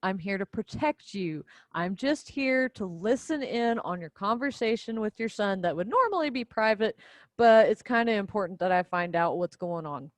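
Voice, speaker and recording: A woman voicing a nosy, sneaky older male royal advisor with a hushed, conspiratorial manner. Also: mid-range voice, expressive, moderate pace, no echo, lightly acted.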